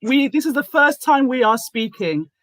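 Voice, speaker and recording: A woman hosting a casual online talk show, speaking deliberately and reading out her own posts with emphasis. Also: high-pitched, animated, no echo, poor audio. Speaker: host.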